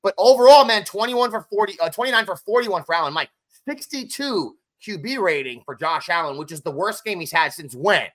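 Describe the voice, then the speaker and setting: A man co-hosting a casual sports podcast, talking fast and emphatic as he runs through game stats. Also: high-pitched, expressive, fairly bright tone. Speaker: podcast co-host.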